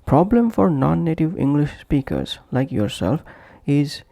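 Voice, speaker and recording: A man narrating a scripted English pronunciation lesson, slowly and deliberately repeating example phrases as drills. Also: a little high, big pitch swings, vocal fry, dark tone, dry recording, studio quality.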